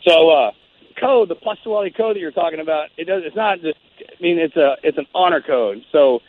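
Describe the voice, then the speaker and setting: A man's voice: on the high side, a little fast. A man and former soldier telling a war story in casual interview chat, drawling and calling people "man" and "bro". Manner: drawling, sprinkles "man" and "bro", restarts often. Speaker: interview guest, former Navy SEAL. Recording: phone-like narrow band.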